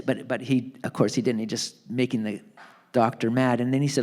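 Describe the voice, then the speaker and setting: A man telling a family story in a live onstage book talk, acting out the people in it with lively voices. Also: mid-range voice, a little fast. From Canada. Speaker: author being interviewed. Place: theatre stage.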